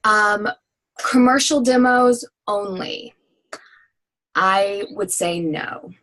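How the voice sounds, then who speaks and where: A woman who produces voiceover demos, answering questions in a casual webinar with energetic, chatty talk full of fillers. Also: medium pitch, extremely slow, low-quality recording.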